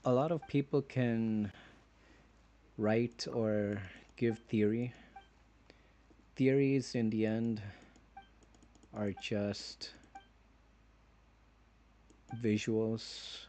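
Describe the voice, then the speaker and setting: Slow, low-voiced man musing aloud. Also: steady tone, dark tone. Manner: rambling, philosophical, halting phrases. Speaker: gaming streamer. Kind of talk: reflective gameplay commentary.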